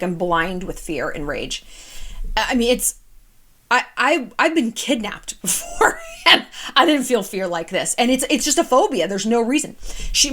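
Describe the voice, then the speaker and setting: A woman in her thirties talks straight to the camera, giving casual advice in a candid, chatty way. She swears freely. Her voice sits at a middling pitch for a woman. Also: a bit bright. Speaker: vlogger.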